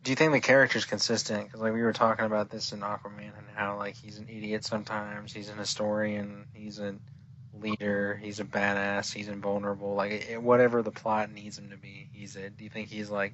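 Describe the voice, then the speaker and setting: A man's voice: lowish voice, flat delivery, fairly quick, a bit bright. A man co-hosting a casual movie podcast, asking his partner probing questions. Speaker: podcast co-host. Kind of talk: casual movie review chat. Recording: dull lo-fi recording with faint noise.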